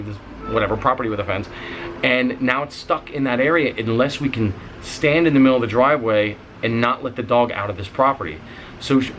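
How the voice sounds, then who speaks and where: Animated man telling a wild story. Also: slight background noise, rough recording. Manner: animated, rising in pitch when excited; swears casually. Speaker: vlogger. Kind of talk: casual storytelling.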